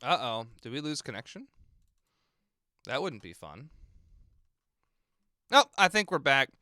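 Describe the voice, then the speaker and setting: A man's voice: mid-range voice, big pitch swings, measured pace, background noise. A man, a film composer, chatting casually and thinking aloud as he mixes game music on a live stream and answers viewers in chat.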